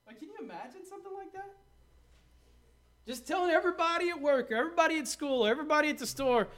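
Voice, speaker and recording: A man's voice: very high voice, expressive, fast, fairly bright tone. A man preaching a sermon, with dramatic quoted asides and rhetorical questions. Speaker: pastor.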